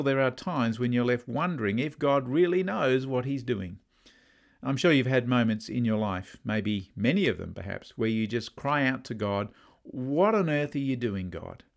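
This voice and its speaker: A man preaching a sermon, earnest, lifting his voice on key words and letting line ends fall low and soft. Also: gravelly.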